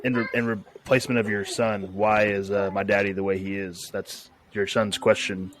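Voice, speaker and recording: A man's voice: fairly low pitch, little pitch movement, normal speed, a little hiss or hum. Bantering man podcast co-host. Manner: joking, bantering. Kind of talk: casual chat over video call.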